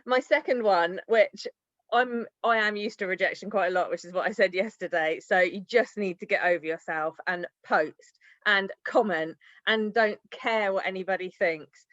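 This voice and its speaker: A woman's voice: mid-range voice, normal speed, fairly bright tone, no echo. A woman sharing sales tips on a team video call, chatty and rambling, laughing often. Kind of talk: casual team-call talk. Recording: dry, dull lo-fi call audio.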